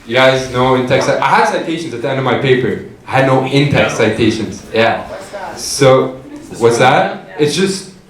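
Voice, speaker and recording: A young man telling a profane, animated stand-up story on a comedy club stage. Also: mid-range voice, moderate pace, far from the mic. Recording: echoey club with crowd laughter. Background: audience laughter.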